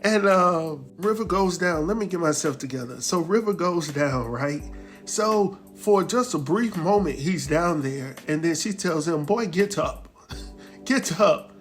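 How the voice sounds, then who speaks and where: A man hosts a casual recap of a TV drama. He tells the story animatedly and acts out the characters' lines in a voice that sits a little on the high side. Faint music plays softly underneath. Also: measured pace. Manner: animated storytelling, acts out quotes, laughs often. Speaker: recap host.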